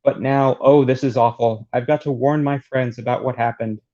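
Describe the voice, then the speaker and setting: A man's voice: medium pitch, fairly even intonation, moderate pace, mellow, close to an everyday voice. A man reading the lines of a frightened male fighter fleeing in panic, in a near plain voice. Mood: distraught. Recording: dull lo-fi recording.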